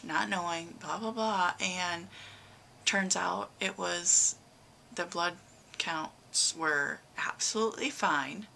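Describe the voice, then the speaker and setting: Gravelly, bright-voiced woman vlogging. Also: fairly low pitch, slight background noise. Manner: rambling, emotional, many fillers. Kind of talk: casual personal update.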